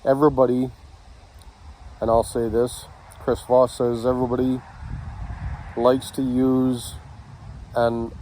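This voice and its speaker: A man teaching communication techniques, speaking in short halting phrases with pauses between them. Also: mid-range voice, flat delivery, warm tone, slight background noise, rough recording. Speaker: communication instructor. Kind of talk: slow instructional talk.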